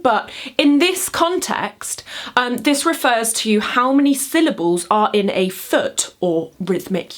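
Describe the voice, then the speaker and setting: A woman explaining poetic metre in a chatty, upbeat video lesson, counting out beats as she goes. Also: mid-range voice. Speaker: poetry teacher. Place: home room, standing at camera.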